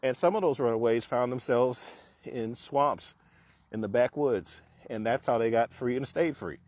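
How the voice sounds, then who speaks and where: A man's voice: mid-range voice, normal speed, darkish tone, no echo. A man giving a conversational, lecturing explanation while walking outdoors. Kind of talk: casual explanatory talk.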